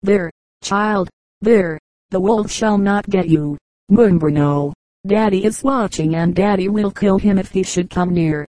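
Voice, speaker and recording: A woman reading the part of a mother soothing and hushing her crying child, in a storybook fable. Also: medium pitch, unhurried, close to an everyday voice, low-quality recording.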